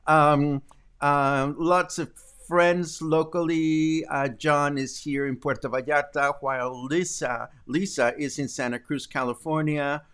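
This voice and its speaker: A man's voice: on the high side, fairly bright tone, smooth. A middle-aged man hosting a daily live stream from home, chatting casually with viewers and rambling with many ums and self-corrections. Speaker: host.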